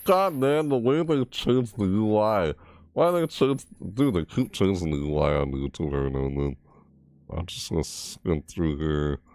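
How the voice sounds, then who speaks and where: Faint trailer music runs under a gaming creator's reaction as he yelps, exclaims, and swears mildly with "frick" and "what the heck." His deep voice is expressive and a little mellow at a normal speed, with no echo.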